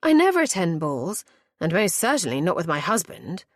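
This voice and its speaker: A woman's voice: lowish voice, big pitch swings, normal speed, no room sound, clean studio sound. A woman voicing a defiant noble mother. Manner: firm, proper.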